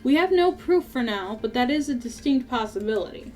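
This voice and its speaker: A woman voicing a composed, formal male prosecutor in a video game, calm and measured. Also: a little high, faint music behind, close to an everyday voice.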